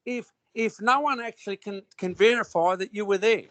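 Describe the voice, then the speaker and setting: Australian man, high voice, blunt rambling chat, dry close sound. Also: normal speed, bright, forceful tone, no echo. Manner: rambling, blunt, with frequent restarts and slang. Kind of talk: casual conversation.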